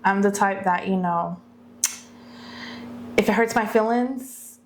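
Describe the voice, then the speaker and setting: A woman's voice: mid-range voice, slow, slight background noise. A young woman co-hosting a podcast, chatting candidly with lots of filler words. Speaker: podcast co-host. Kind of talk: casual chat.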